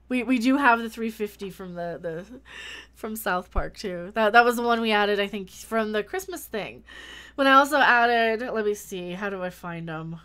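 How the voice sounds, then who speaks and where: Slightly high-voiced woman chatting on her livestream, thanks everyone, restarts sentences a lot. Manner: chatty, thanks viewers warmly, frequent restarts. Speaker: YouTube channel host. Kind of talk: casual livestream chat.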